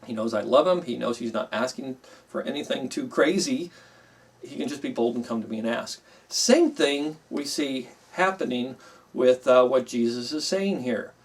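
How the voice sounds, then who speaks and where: A man's voice: medium pitch, moderate pace, far from the mic. A middle-aged man teaching a Bible class in a conversational way, with frequent fillers and an emphatic voice when he quotes himself. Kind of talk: classroom teaching, explaining with a story.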